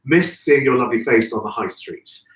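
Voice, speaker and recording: At normal speed and medium pitch, this man runs a live stream for his florist show, warmly chatting and naming viewers as they arrive. There's echo in the room, and the mic sits some distance away.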